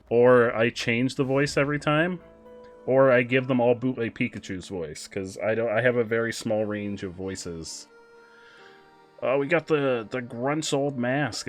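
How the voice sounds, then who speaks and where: Man, streamer, casual gameplay chat, excitable, quick asides, faint game music behind. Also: medium pitch.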